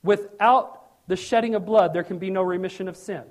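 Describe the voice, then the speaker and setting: Speaking at a normal speed with a voice that sits high, a middle-aged man preaches as a pastor. He jokes with animation and now and then erupts into sudden loud outbursts.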